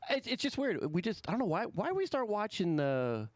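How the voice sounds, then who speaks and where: A jokey male radio co-host chatting in a studio, with a fairly high voice that swings around a lot. He tells stories and laughs easily. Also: sing-song, moderate pace, dry recording. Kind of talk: casual chat.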